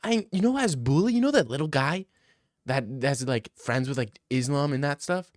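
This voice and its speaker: A man's voice: medium pitch, expressive, moderate pace, no echo, studio quality, lightly acted. A man putting on a gushing young girlfriend. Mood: excited.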